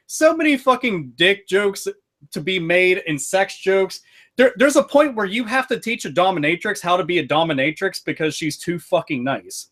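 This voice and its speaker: A man with a notably high speaking voice, chatting casually on a podcast. He tells his stories with excitable energy and swears constantly. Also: moderate pace. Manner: profane, excitable storytelling with frequent swearing. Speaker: podcast host reviewing a video game.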